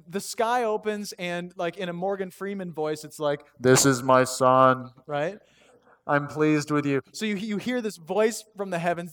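A man pastor giving a conversational, animated sermon and reading scripture aloud. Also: sits high.

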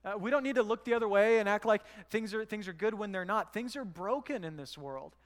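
Speaking briskly, a high-voiced pastor preaches to his congregation in a conversational manner and asks them rhetorical questions. His voice rings with the long reverb of the church hall.

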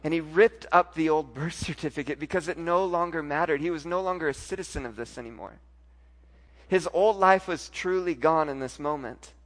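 A pastor preaching a sermon, telling a personal story, moving from soft, intimate lines to loud, emphatic ones. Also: male voice, fairly high pitch, normal speed.

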